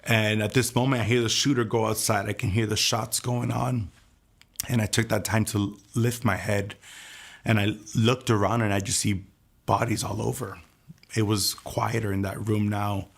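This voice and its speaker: Man, personal testimony, earnest and soft-spoken, fry in the voice. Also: lowish voice, flat delivery, moderate pace. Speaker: testimony speaker.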